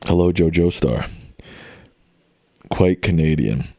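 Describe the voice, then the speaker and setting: A man's voice: sits low, lively intonation, takes it slowly, gravelly, mellow, no echo, studio quality. A young adult man streaming and chatting casually with viewers in a rambling, laid-back way. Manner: rambling, laid-back, lots of fillers and restarts. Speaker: livestreamer. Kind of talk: casual chat.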